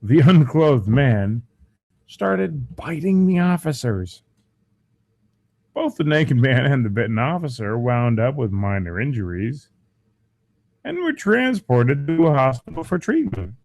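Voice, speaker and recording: A man's voice: mid-range voice, measured pace, no room sound. A man hosting a crude comedy podcast, swearing and mocking the news, his voice strained. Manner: profane, mocking, animated. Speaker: podcast host.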